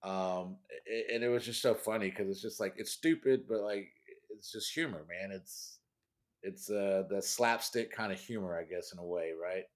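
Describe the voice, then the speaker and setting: Rambling low-voiced man, casual. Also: normal speed. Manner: rambling, laughs often, trails off. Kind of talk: casual chat.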